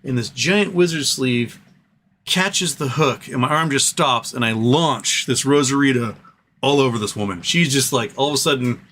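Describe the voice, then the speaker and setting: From a room at home, a man hosts a casual live stream, rambling through stories as an animated storyteller full of fillers, asides and side tangents. His mid-range voice is bright and forward at a moderate pace, with a faint hiss of noise behind it.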